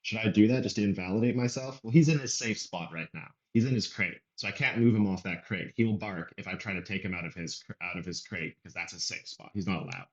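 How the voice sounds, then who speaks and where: A man's voice: fairly low pitch, fast talker, hardly any pauses, lo-fi sound. A man doing casual reaction commentary, rambling and talking over the clip he is playing. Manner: rambling, conversational, talks over clips.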